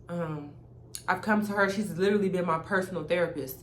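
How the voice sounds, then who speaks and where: Woman vlogger storytime, slangy, emphatic, low-ish voice, roomy echo. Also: brisk, a little hiss or hum. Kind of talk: casual storytime chat. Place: beside a fire.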